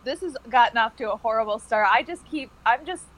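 A woman's voice: on the high side, animated, brisk, a bit bright, low-quality recording. A woman in casual conversation, playful and teasing, often laughing. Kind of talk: casual chat.

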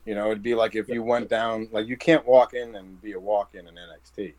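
Jersey accent guy, wrestler guest, lowish voice, tells stories and does the quotes, dry mic. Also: a little fast, dry recording, poor audio. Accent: New Jersey. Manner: animated storyteller who acts out quoted dialogue. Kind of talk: casual interview chat.

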